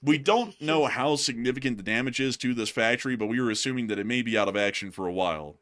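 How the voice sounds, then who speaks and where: A man's voice: medium pitch, fast talker, a bit bright. A man hosting a casual war news commentary show, chatty with frequent laughs and fillers. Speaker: host.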